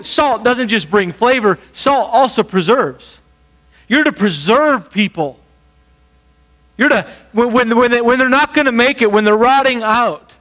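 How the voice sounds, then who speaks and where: High-voiced, lively male preacher. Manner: conversational, animated, acts out quick voices. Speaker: pastor. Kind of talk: sermon.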